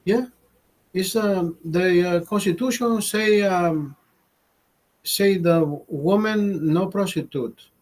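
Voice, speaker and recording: A man's voice: takes it slowly, low-quality recording. A man voicing a clueless male coworker who speaks broken English with a strong Spanish accent. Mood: insistent. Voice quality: broken English, high and earnest.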